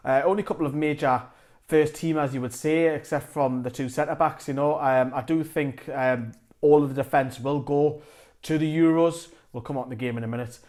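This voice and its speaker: A man's voice: fairly high pitch, fairly even intonation, fairly quick, a little mellow. A man giving his opinionated, rambling take on a match to camera, often correcting himself mid-sentence. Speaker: football fan vlogger. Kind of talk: casual football commentary to camera.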